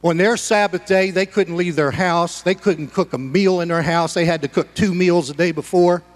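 A man preaching in a high, light voice, folksy and conversational with touches of humor. His words ring out with a long hall reverb, as if in a church sanctuary. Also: steady tone, moderate pace, soft background music. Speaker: pastor. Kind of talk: sermon.

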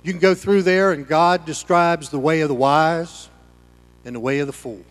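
High-voiced preacher in a reverberant hall. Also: male voice, fairly even intonation, normal speed, faint music behind. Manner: dynamic preaching with swings between loud and hushed. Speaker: pastor. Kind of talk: sermon.

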